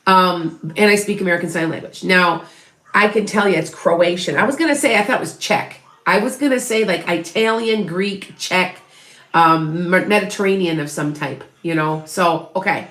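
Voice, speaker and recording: A woman's voice: fairly low pitch, moderate pace, a bit bright. A middle-aged woman giving psychic readings to viewers, in a chatty, rambling way with many restarts and self-corrections. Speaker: psychic medium. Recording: roomy echo.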